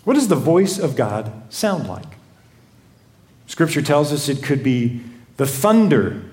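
A man's voice: on the high side, very animated, slow, darkish tone. A man preaching a sermon who tells stories and keeps asking rhetorical questions. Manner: storytelling, rhetorical repeated questions. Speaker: pastor. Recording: echoey room.

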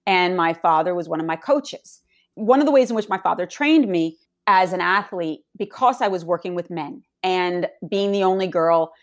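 A middle-aged woman recounting a personal story in conversation. She speaks in a reflective, measured way and slows her phrasing to press a point home. Her voice has a moderate, ordinary pitch.

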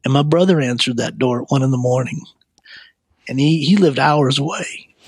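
Husky guy telling his life story, halting, lots of uh and um, dry close sound. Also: medium pitch, dry recording. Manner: halting, with many fillers and restarts. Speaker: speaker giving a personal testimony. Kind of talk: rambling personal storytelling.

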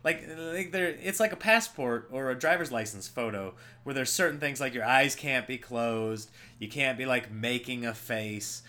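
A man, a comedian, rambling casually through his own show, voice lowered by a cold, chatty and jokey, laughing at his own bits. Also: normal speed, hardly any pauses, bright, forceful tone.

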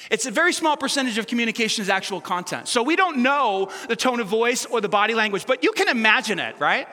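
Bright-voiced male pastor preaching playfully. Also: very high-pitched, lively intonation, quick pace. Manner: conversational, playful preaching with asides and self-correction. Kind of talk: sermon. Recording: long reverb of a large hall.

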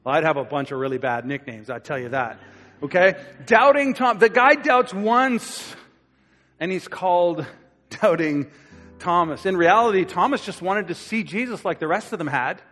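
A man preaching a sermon in a relaxed, conversational way, acting out quoted voices as he tells the story. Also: high-pitched, normal speed, faint music behind. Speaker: pastor. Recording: long hall reverb.

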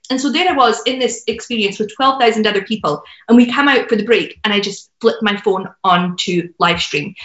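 A woman's voice: on the high side, fairly bright tone. A woman guest sharing a heartfelt personal story, earnest, with lots of fillers. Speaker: podcast guest, business mentor. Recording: roomy, dull lo-fi sound.

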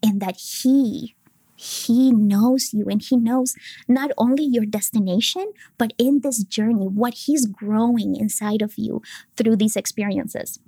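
A woman in her thirties, a podcast guest, telling a personal faith story in an earnest, emotional way, sometimes dropping to a soft whisper. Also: a little high, measured pace, slightly rough, no echo.

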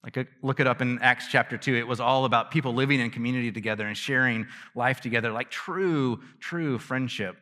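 Briskly and with few pauses, a man preaches a sermon, his medium-pitched voice pushed and bright. As a pastor he talks conversationally to the congregation, teasing himself, laughing and often beginning phrases again. A large hall adds long reverb.

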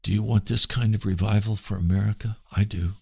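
Radio pastor: a man with a gravelly, dry-sounding voice, earnest and pleading, speaking as in a sermon. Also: on the low side, fairly even intonation, fairly quick, darkish tone, no room sound. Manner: earnest, pleading, repeats phrases.

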